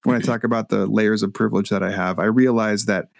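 A man, a guest author and minister, telling a story in a podcast interview with animated, halting delivery. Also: lowish voice, creaky, no room sound, studio quality. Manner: animated, acts out voices when retelling, halting restarts.

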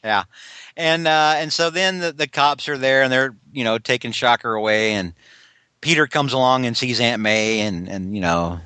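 A man's voice: medium pitch, moderate pace, pushed and bright, smooth, no room sound. A man co-hosting a casual podcast, retelling a comic story and acting out the characters' lines. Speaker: podcast co-host. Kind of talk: casual chat recapping a comic.

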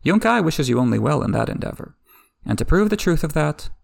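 Casting: oily, threatening envoy, read by a man, gravelly and lively. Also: fairly high pitch, a little fast, dry recording, studio quality, voice pushed up, full character voice. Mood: smooth. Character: haughty male slaver envoy, smooth and threatening.

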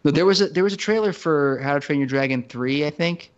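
A man co-hosting a podcast, chatting casually in a rambling, animated way, full of fillers and restarts. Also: a little high, fairly quick, dull audio. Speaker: podcast co-host. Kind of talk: casual chat.

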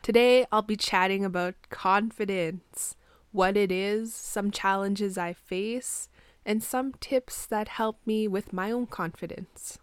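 A woman talks loosely into her podcast mic in a small bedroom, her voice groggy and congested in the morning. She rambles in a chatty way, filling gaps with "like". Her pitch sits mid-range and the sound is close and dry. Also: slow, smooth, dry recording. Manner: chatty, rambling, heavy use of "like". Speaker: podcast host. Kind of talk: casual solo podcast chat. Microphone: plugged-in podcast mic.

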